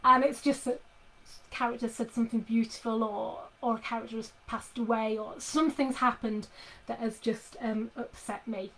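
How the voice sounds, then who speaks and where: A woman's voice: on the high side, fairly even intonation, moderate pace, fairly bright tone, poor audio. Chatty woman author at home. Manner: chatty, many fillers and restarts. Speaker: author talking to readers. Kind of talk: casual live chat with readers. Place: home office.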